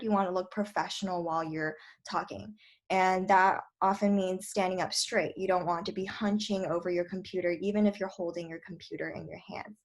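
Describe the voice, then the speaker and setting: A woman's voice: mid-range voice, darkish tone. A young woman debate coach giving a casual lecture, full of fillers like "like" and "um". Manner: chatty, filler-heavy, lots of "like" and "um".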